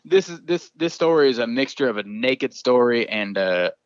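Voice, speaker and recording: Male storyteller, crude and animated, dull dry sound. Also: mid-range voice, moderate pace, no echo. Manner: profane, drawling, laughs often. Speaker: volunteer firefighter telling a story. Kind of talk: casual storytelling.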